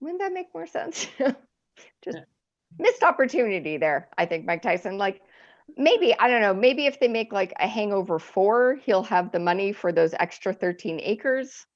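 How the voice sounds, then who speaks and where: A woman's voice: medium pitch, animated, moderate pace. A woman in her forties doing a chatty, self-mocking stand-up set, laughing at her own jokes. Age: 40s. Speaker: stand-up comedian. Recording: lo-fi stream audio.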